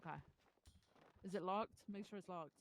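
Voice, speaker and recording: A woman's voice: lowish voice, normal speed, background noise. A woman playing a police officer in a role-play, talking in a reassuring way and often repeating herself. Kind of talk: casual role-play chat.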